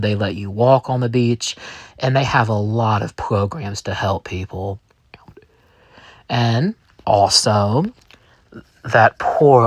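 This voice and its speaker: Slow, rambling male storyteller. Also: mid-range voice, no echo. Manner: rambling, with many restarts and fillers. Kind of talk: first-person story narration in character.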